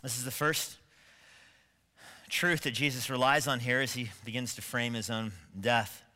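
Emphatic pastor with a bright voice. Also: male voice, mid-range voice, fairly even intonation, normal speed, big-room sound. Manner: emphatic, building to forceful stresses; asks rhetorical questions of the congregation. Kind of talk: sermon. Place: church sanctuary.

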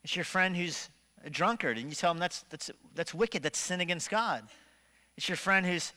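Bright-voiced pastor preaching in a reverberant hall. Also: male voice, a little high. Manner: animated preaching with shifting loudness and rhetorical questions. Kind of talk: sermon. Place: church sanctuary. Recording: long reverb of a church hall.

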